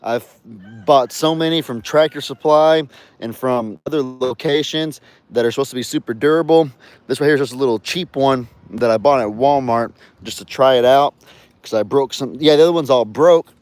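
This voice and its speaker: A man's voice: mid-range voice, normal speed, a little mellow, no room sound. A man chatting casually on his farm in a vlog, cooing at his animals and telling viewers about his day. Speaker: farm vlogger. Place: outdoors on a farm.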